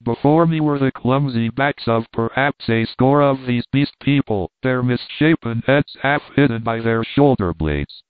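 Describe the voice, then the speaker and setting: A man reading an adventure novel aloud as a measured storybook narration. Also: mid-range voice, clear, resonant tone, no echo. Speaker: audiobook reader. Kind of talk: scripted narration. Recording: dry, tinny phone-like sound.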